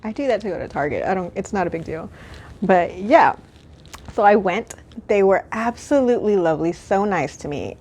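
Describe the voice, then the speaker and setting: A woman talks casually on her own podcast. She is gushing and excitable, and she pokes fun at herself between the chatty asides. Her pitch sits in the middle range for a woman. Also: moderate pace. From Houston, Texas. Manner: excitable, gushing, self-mocking. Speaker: podcast host. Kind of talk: casual solo chat.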